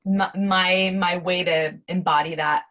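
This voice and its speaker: A young adult woman speaking as a guest in a casual interview, lively and full of fillers and restarts. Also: on the low side, a little slow. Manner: animated, many fillers and restarts. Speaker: interview guest, academic life coach.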